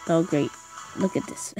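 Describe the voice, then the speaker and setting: A woman's voice: slow pace, over music. A female gamer giving casual, chatty commentary on her gameplay, teasing the game and her friend as she plays.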